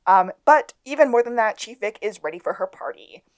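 A woman co-hosting a podcast, recapping a TV episode in an animated way with voiced character lines. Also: fairly high pitch, fairly quick. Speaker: podcast co-host. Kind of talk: casual recap chat.

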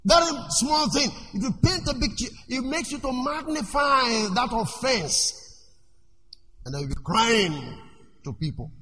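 A male preacher giving a sermon in an animated way. He asks the congregation questions and lets them finish his sentences. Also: high-pitched. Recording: echoey hall with faint noise.

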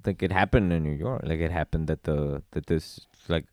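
A man co-hosting a casual podcast chat, talking haltingly with many fillers as he thinks aloud. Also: rumbling low, darkish tone, no echo, clean studio sound.

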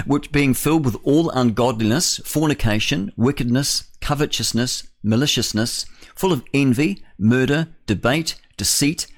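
A man's voice: medium pitch, animated, a little slow. A male radio host delivering a rambling, opinionated solo monologue in a studio, often chuckling at his own remarks.

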